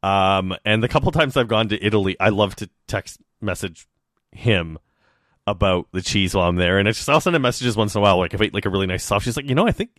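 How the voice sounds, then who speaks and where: A man's voice: on the low side, fast talker, fairly bright tone, dry recording, studio quality. A young adult man co-hosting a podcast, chatting casually with musing asides. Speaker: podcast co-host. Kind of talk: casual chat.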